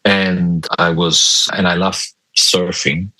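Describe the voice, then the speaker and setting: A man as a podcast guest, chatting casually in a joking, halting way with many restarts. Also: deep voice, flat delivery, sharp tone, dry recording, poor audio. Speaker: guest guitarist. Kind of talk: casual interview chat.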